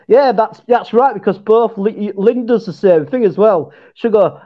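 A middle-aged Yorkshire man chats loosely with a raised, high voice, breaking into laughs and swearing freely. He speaks over a remote call, and the sound is dull and lo-fi. His talk rambles and restarts in easy banter. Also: unhurried, hardly any pauses. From Yorkshire, England. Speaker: guest. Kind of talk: casual chat. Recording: lo-fi internet call.

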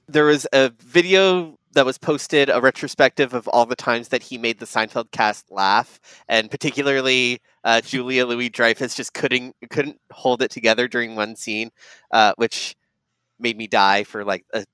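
A man's voice: medium pitch, normal speed, a bit bright, clear, resonant tone, no echo. Easygoing Canadian man on a podcast. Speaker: podcast co-host. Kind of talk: casual podcast chat.

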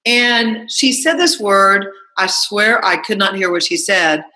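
A bright, clear-toned woman talks straight to her listeners in a motivational monologue. She keeps things chatty and animated, piling up rhetorical questions and acting out little stories. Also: medium pitch, takes it slowly, low-quality recording. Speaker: self-help talk host.

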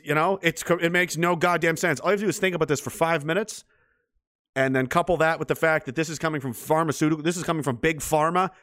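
A man's voice: a little high, a bit bright, no echo, clean studio sound. A man ranting sarcastically and swearing freely, reading and answering his chat in a livestream.

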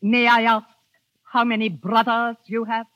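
A prim, prying spinster of advancing years, played by an actress, asks her questions with stiff formality in a slightly high voice. The old radio recording sounds dull and very dry. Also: flat delivery, unhurried, dry recording, natural voice. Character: prim, nosy older spinster lady. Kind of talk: 1930s radio drama acting.

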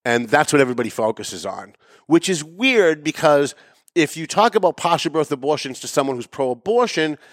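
A man's voice: very animated, moderate pace, no room sound, clean studio sound. Sarcastic man hosting a political commentary show. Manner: sarcastic and emphatic, with mocking asides; swings between loud raised emphasis and low muttering. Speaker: show host. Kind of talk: opinionated political commentary monologue.

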